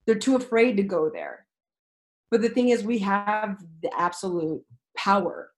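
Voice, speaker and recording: Brief: candid woman guest, mid-pitched voice, earnest and frank, casual swearing, easy laughs. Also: measured pace, poor audio. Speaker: teacher, podcast guest. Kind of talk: casual, candid interview talk.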